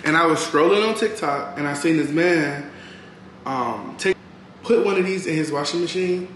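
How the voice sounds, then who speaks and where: A man chatting casually to his viewers in a home vlog, talking to them as y'all and full of quick asides. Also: on the high side, a bit bright, slight background noise. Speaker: vlogger. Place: at home, kitchen.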